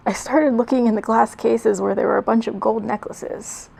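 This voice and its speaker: Sarcastic young woman with a gravelly voice. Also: on the high side, steady tone, moderate pace, hardly any pauses, darkish tone. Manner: sarcastic, self-mocking, laughs at herself. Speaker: video creator. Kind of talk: comedic reading of her old fanfic.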